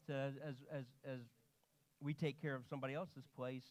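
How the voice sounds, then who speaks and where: A man's voice: mid-range voice, normal speed. A man preaching in a church, telling stories with animation and quoting people in his own voice. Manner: animated storytelling, quoting himself and others. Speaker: pastor. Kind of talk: sermon. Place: church sanctuary.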